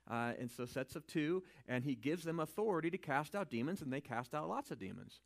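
A man teaching from the Bible in a relaxed, conversational way, his voice sitting a little high for a man. He swings from quiet asides to loud, emphatic lines and keeps checking in with his listeners. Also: brisk, creaky. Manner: informal, checks in with "right?".

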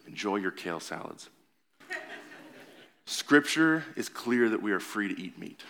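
Pastor, male, very low voice, earnest conversational sermon delivery in a church. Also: bright, forceful tone. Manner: earnest, conversational preaching with rising emphasis. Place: church sanctuary.

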